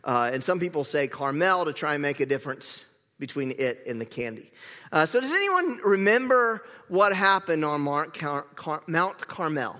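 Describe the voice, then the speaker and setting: Man, pastor, sermon, slightly high voice, chatty, self-correcting, joking, echoey church hall. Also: lively intonation, moderate pace, sharp tone. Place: church sanctuary.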